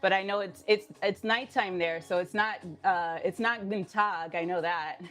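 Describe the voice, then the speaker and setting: A woman's voice: medium pitch, moderate pace, fairly bright tone. A woman fitness instructor chatting casually with viewers on a live stream, upbeat and laughing often, a little out of breath. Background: faint music.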